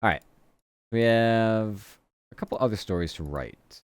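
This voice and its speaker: Low-voiced guy mumbling to himself on a work stream, smooth clear voice. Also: a little slow, dry recording. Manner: muttering to himself while working, scattered fillers. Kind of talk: casual work stream chat.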